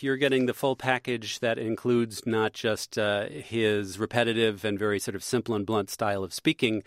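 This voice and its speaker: A man being interviewed on radio as a language columnist, explaining political word use in a measured way with many fillers. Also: fairly low pitch, no room sound, studio quality.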